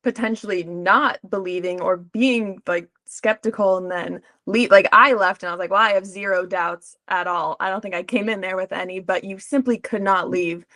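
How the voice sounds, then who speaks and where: A woman's voice: mid-range voice, moderate pace, hardly any pauses, pushed and bright. A woman hosting a podcast, chatting casually and sprinkling her speech with "like". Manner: chatty, peppered with "like". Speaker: podcast host. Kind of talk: casual interview chat.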